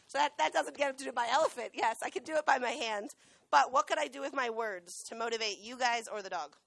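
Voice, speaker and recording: Bright-voiced woman teaching a class. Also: a little high. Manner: lively, questions the students often. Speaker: dog trainer and veterinary technician. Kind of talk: classroom talk with a live dog demo. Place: school classroom.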